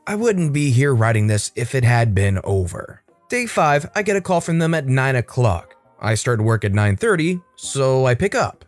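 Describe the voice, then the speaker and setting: A man narrating a first-person online revenge story in an animated, scripted read. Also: mid-range voice, moderate pace, few pauses, dry recording, faint music behind.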